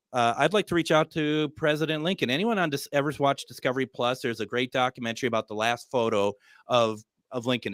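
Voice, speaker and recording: A man's voice: medium pitch, fairly bright tone, dry recording. A man hosting a live paranormal radio talk show, telling stories animatedly and acting out his own quotes with plenty of fillers.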